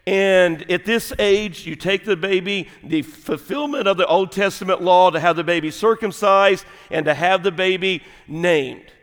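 A middle-aged man preaching a sermon, folksy and animated, dropping at times to a quiet, intimate tone. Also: high voice, a little slow, hardly any pauses. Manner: folksy, animated storytelling with sudden drops to quiet, intimate delivery. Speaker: pastor. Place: large church sanctuary. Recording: long hall reverb.

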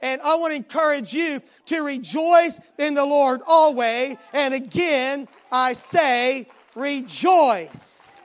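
Woman, preacher, sermon, high-pitched, unhurried, emphatic, repeats refrains. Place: church midweek service.

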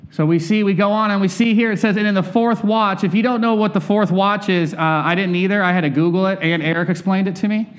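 A preacher with a fairly high voice gives a relaxed, conversational sermon, speaking candidly from personal experience and repeatedly putting questions to his listeners. He talks quickly with few pauses.

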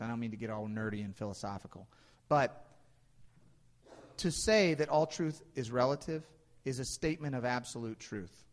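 A man's voice: mid-range voice, animated, normal speed. A man in his thirties, a pastor giving a casual, story-filled sermon with lots of ums and restarts. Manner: casual, anecdotal preaching with frequent fillers and restarts. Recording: long reverb in a large hall.

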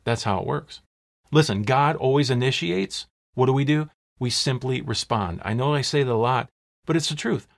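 A man's voice: medium pitch, creaky. Emphatic male preacher asking rhetorical questions. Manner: emphatic, asks rhetorical questions, slows down to stress words. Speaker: pastor. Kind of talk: sermon.

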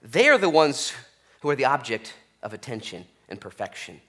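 A male pastor delivers a Bible-study sermon in a lively, joking, conversational way, tossing in "okay?" as he goes. His voice is bright and forceful, pushing each point home with energy. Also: medium pitch, moderate pace. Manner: animated, jokey, conversational preaching with frequent "okay?". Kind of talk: expository sermon.

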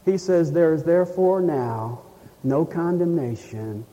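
A man preaching a sermon, emphatic, slowing down to read scripture. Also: a little high, animated, dark tone. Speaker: pastor. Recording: dull, lo-fi sound with long reverb in a hall.

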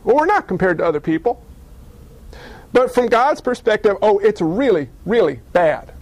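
A man delivers a sermon in a strikingly high voice, folksy and animated as he slips in and out of the people in his stories. The sound is dry, with no room echo. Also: normal speed, muffled recording. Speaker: preacher.

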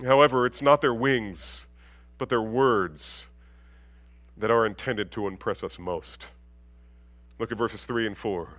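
A man preaching a sermon, swinging from loud proclamation down to a hushed near-whisper. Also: fairly low pitch, a little slow, pauses often, no echo. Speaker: pastor.

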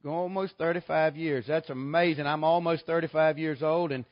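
A man's voice: a little high, fairly even intonation, normal speed, muffled recording. A man, preaching a revival sermon as a guest preacher and telling jokes in a folksy way. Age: 40s. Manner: folksy, joking storyteller. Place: church sanctuary.

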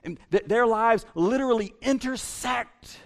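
A male pastor preaching a sermon in an animated way, repeating words as he builds each point. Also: very high voice, measured pace.

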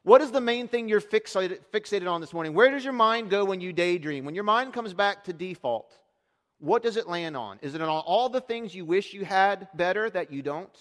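Animated preaching man in reverberant hall. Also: normal speed. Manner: animated preaching, rising loud on quoted lines, dropping low to aside. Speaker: pastor. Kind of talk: sermon. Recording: long reverb of a large hall.

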